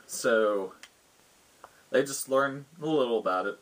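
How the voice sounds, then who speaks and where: A man's voice: medium pitch, slow. A man, a game master, recounting a tabletop session in loose, rambling storytelling.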